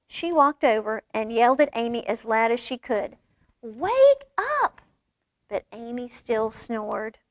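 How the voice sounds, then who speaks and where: Female storyteller, children's read-aloud, animated, slightly high voice, close dry sound. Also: no echo. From United States. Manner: expressive, animated character voices. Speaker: librarian reading a storybook aloud.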